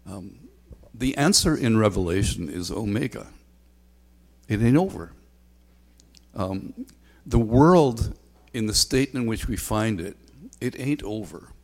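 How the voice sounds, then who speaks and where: A man's voice: on the low side, animated, takes it slowly, a little mellow. A man preaching a sermon as a pastor, talking conversationally with frequent ums and a repeated refrain. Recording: long hall reverb.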